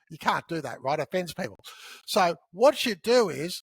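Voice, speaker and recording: A man on a podcast as a guest, teaching sales in an animated, conversational way and acting out bits of dialogue. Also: high voice, normal speed, husky, dry recording. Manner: animated storyteller who acts out dialogue.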